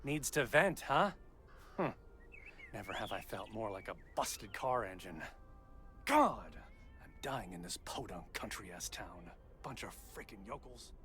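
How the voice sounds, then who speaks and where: An actor playing an impatient, sarcastic TV reporter who blusters and complains about being stranded. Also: male voice, fairly low pitch, lively intonation, measured pace, sharp tone. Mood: sulking. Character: abrasive big-city male TV reporter, impatient.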